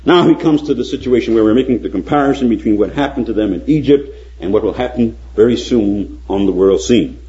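An older man preaching a sermon, telling a story dramatically and reading scripture aloud with loud emphasis. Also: lowish voice, brisk, few pauses. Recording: dull lo-fi recording.

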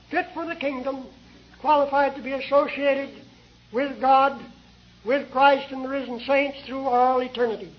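A man preaching a sermon in a deliberate, measured way, pausing often between phrases. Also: very high voice, dull audio. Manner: slow, deliberate, with many pauses.

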